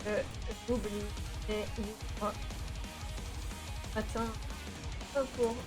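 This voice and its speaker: A woman streamer, a native French speaker, chatting casually and reading her chat aloud, bubbly and excitable. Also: mid-range voice, slow pace, music in the background. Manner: bubbly, excitable, squeals greetings to viewers.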